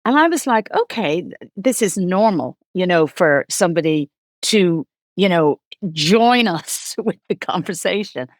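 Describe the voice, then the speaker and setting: A woman's voice: lowish voice, measured pace, no echo, clean studio sound. A woman from Ireland, a guest in an interview, telling stories in a chatty way with lots of restarts and laughs. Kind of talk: casual interview chat.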